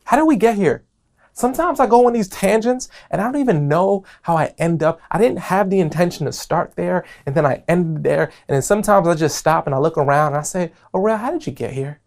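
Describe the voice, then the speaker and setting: A young man with a New York accent hosts his own motivational podcast, talking by himself in a loose, joking way that wanders off on tangents. His voice sits slightly high for a man and has a gravelly edge. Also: brisk. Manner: playful, rambling, animated, jokes and tangents. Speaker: podcast host. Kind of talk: solo motivational podcast talk.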